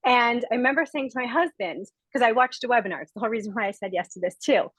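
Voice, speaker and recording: A woman in her forties from Rhode Island speaks over a video call, her voice sitting a touch high and close and dry with no room around it. She gushes with emphatic, heartfelt earnestness and sounds emotional and close to tears as she shares her testimonial. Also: quick pace, fairly bright tone, slightly rough, no room sound, poor audio. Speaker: guest speaker sharing a testimonial.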